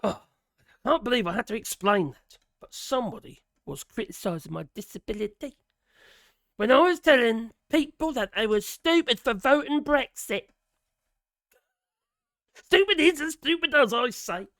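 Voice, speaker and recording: A man's voice: very high-pitched, expressive, moderate pace, a bit bright, dry recording, studio quality. Norfolk bloke ranting on his vlog, strained worn out voice, swears and giggles, really up and down. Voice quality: strained, worn vocal cords. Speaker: vlogger. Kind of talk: casual opinion rant to camera.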